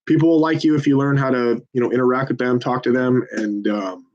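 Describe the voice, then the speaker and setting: A man's voice: medium pitch, fairly even intonation, a little fast, darkish tone, highs cut off. A man volunteering at a phone bank, chatting casually to viewers between calls in a rambling, profane, self-deprecating pep talk.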